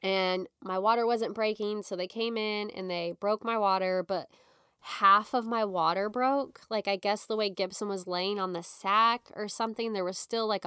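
A young woman tells a personal story in a relaxed, conversational way, jumping into little acted-out quotes and scattering "like" through her sentences. Her voice is smooth and clear, recorded close and dry with no room around it. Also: mid-range voice, dry recording. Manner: animated, acts out quotes, frequent "like". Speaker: guest telling her birth story.

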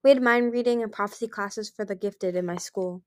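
A woman's voice: mid-range voice, a little fast, dry recording, clean studio sound, close to an everyday voice. Darkstalker, a woman voicing a charming old male dragon. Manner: proud, easygoing, smooth-talking. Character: grand charming ancient male dragon, smooth and persuasive.

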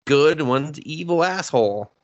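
A man's voice: a little high, lively intonation, a little slow, muffled recording. A man co-hosting a podcast in casual chat, ranting in an exasperated, profane way. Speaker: podcast co-host.

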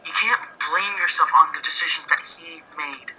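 A man's voice: a little high, normal speed, sharp tone, husky, exaggerated voice. A man playing an earnest grieving crewmate. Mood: earnest, consoling. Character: earnest man consoling his captain over his dead brother. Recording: phone-like lo-fi line.

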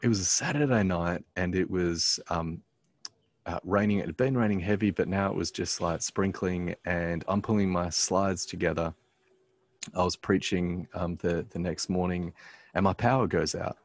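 A very low-pitched man tells a personal story in a relaxed conversation. He pauses often on "um" and restarts his phrases as he thinks. The sound is close and dry, with no room around it. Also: no echo. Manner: halting, many "um"s and restarts. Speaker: pastor, guest.

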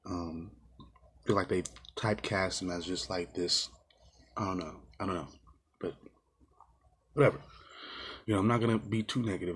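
Husky man ranting about a movie. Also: deep voice. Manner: ranting, exasperated, swears often; rambling with many fillers and restarts. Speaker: movie reviewer. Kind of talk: casual rant-style movie review.

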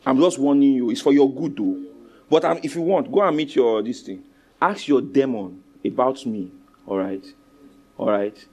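A man with a Nigerian accent preaches at normal speed, commanding and animated. He shifts among loud exhortation, low asides and call-and-response with his congregation.

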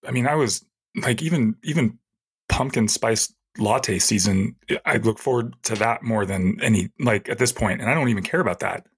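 A man co-hosting a podcast, chiming in with short reactions and quick, offhand asides in casual chat. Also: lowish voice, breathy edge. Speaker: podcast co-host.

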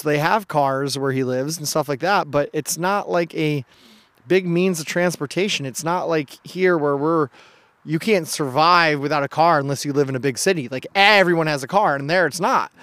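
A man, a gym coach and podcast co-host, telling stories in a lively, chatty way and laughing often. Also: a little high, no room sound. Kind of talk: casual chat, anecdotal storytelling.

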